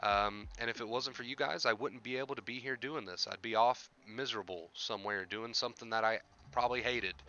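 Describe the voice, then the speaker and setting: A man's voice: medium pitch, fairly quick, pushed and bright, dull audio. A man hosting a live stream, talking casually and earnestly to his viewers while grieving, often repeating himself for emphasis. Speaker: YouTube live-streamer hosting a mental-health Q&A.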